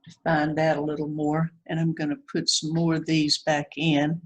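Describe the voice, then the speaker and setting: A woman's voice: deep voice, completely flat delivery, normal speed, low-quality recording. A woman teaching a watercolor demonstration, chatting as she paints, self-critical and reassuring by turns. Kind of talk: painting demonstration, thinking aloud.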